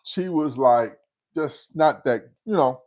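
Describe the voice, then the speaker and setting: A man in his fifties hosting a livestream tells a story slowly and casually in a mid-range voice. He brings it to life by voicing the people in it, acting out their quotes.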